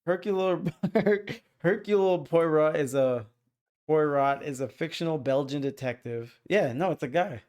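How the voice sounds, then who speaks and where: An easygoing young man with a slightly high voice chats about a movie with a friend. He explains details calmly and laughs along. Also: normal speed. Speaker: podcast co-host. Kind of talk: casual movie review chat.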